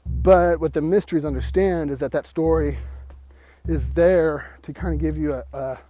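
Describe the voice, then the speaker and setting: A man teaching an esoteric lesson while walking outdoors, slightly out of breath, halting and restarting his words. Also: a little high, steady tone, dark tone, no room sound, soft background music. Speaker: esoteric mystery school teacher. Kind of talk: rambling spoken lesson.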